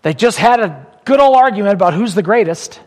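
A man preaching a sermon as pastor. He talks emphatically, repeats key phrases, and swings from loud declarations to hushed, intimate asides. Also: high voice, animated, brisk, big-room sound.

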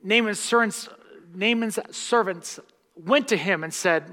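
A man preaches to his congregation with a bright, forceful voice pitched a little high. He swings between hushed, intimate lines and loud, impassioned bursts. The sound rings with the long reverb of a church sanctuary. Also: measured pace. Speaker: pastor. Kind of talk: sermon.

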